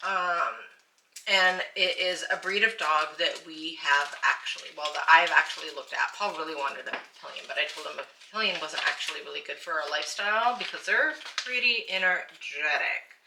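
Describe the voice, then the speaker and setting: Excitable woman telling a story, roomy. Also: low voice, moderate pace. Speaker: channel host. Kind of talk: casual storytelling chat. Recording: roomy, distant and noisy.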